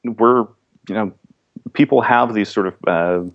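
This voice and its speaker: A man talking as a podcast guest in a relaxed, rambling way with many restarts. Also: fairly low pitch, a little slow, lo-fi sound. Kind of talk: casual interview chat.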